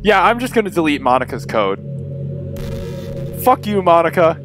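High-pitched young guy, let's-play commentary, swears a lot, swings from yelling to muttering. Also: sing-song, normal speed, faint music behind. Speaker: gaming video creator.

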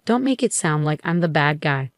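Brief: woman narrator voicing a bossy, scornful mother in a storybook, lower voice, dry sound. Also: expressive, normal speed, no room sound. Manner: scornful, demanding. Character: condescending overbearing middle-aged mother.

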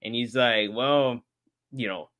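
A man tells a story as an interview guest, in a casual, animated way. He laughs often and acts out the voices of the people in his story, and his pitch sits in an everyday middle range. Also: slow.

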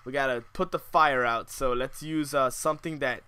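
A man's voice: mid-range voice, fairly even intonation, normal speed, pushed and bright, clean tone. A young man commentating his own survival game, swinging between muttered asides and shrieking outbursts full of swearing. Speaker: gamer.

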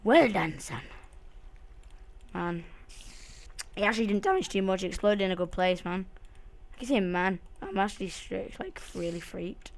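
A woman's voice: medium pitch, expressive, normal speed, pauses often, slight background noise. A woman giving casual, jumpy commentary while she plays a game, swearing often and talking to herself and to the game. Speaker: let's play host.

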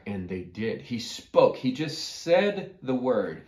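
Slow, animated male Bible teacher. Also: mid-range voice. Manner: asks the listeners questions, animated storyteller. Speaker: children's Bible class teacher. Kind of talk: storytelling lesson for children. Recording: echoey room.

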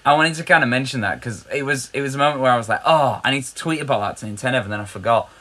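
A man's voice: medium pitch, very fast, sharp tone. A man with a British accent, co-hosting a podcast in a chatty, rambling, easily amused way. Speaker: podcast co-host. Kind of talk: casual podcast chat.

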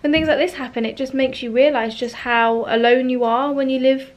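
A young woman from the UK talks to her camera in a loose, rambling vlog, hurting from back spasms and worn out from a sleepless night. Her voice sits a little high, and she fills her sentences with ums and soft laughs. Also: fairly even intonation, fairly quick. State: in pain from back spasms, tired and weepy. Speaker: vlogger. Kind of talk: casual personal vlog.

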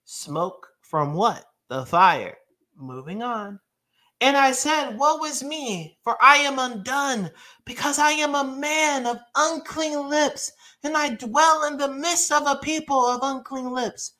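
A man's voice: very high-pitched, slow pace, bright, forceful tone. A man preaching a sermon, reading scripture aloud emphatically and breaking into casual asides to his congregation.

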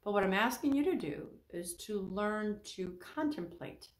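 A woman teaching as a Christian counselor, animated and acting out the people she quotes. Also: measured pace, reverberant. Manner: animated, acts out quoted speakers with pitch jumps. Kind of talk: teaching talk on faith and emotions.

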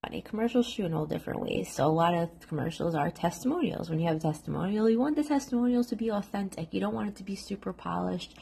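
A woman's voice: mid-range voice, expressive, fast, creaky, few pauses, noisy background. A woman with a New York accent, casually telling a story about recording a commercial.

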